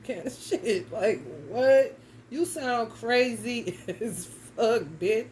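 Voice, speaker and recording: Woman, tarot reader, blunt and profane, slangy, emphatic, a bit high-pitched. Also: slow pace, darkish tone, slight background noise, poor audio. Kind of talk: casual tarot reading monologue.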